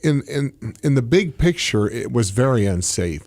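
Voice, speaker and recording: A man who was once a pro wrestler, a guest on a radio show, talking in a halting way with many fillers and restarts. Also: mid-range voice, very animated, a little mellow. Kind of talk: casual interview talk.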